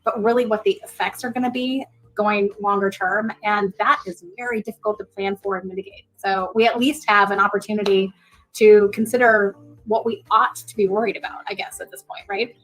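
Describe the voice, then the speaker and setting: A woman analyst on a panel, speaking in a measured, thoughtful way. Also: mid-range voice, fairly even intonation, fairly bright tone, poor audio. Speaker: industry analyst. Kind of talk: panel discussion.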